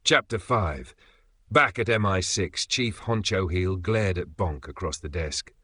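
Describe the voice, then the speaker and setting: Bright, lowish male storyteller. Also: lively intonation, measured pace, breathy edge, dry recording. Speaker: narrator. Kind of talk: scripted comic narration.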